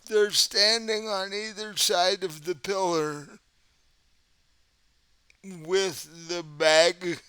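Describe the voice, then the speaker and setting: A man running a tabletop game as game master, explaining the scene slowly and chuckling often. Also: high-pitched, steady tone, sharp tone, smooth, dry recording.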